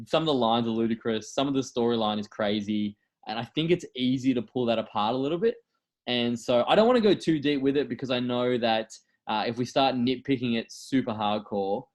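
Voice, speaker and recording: A man co-hosting a casual film review podcast, rambling with many fillers and restarts. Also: medium pitch. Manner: rambling, animated, frequent fillers and self-corrections. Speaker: podcast co-host.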